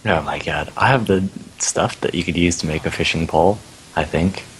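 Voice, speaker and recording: A man's voice: sits low, normal speed, a bit bright, a little hiss or hum, low-quality recording. A young man chatting casually and making dry, crude jokes while playing a video game. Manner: dry, joking, crude asides. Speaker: co-host player. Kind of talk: casual gameplay chat.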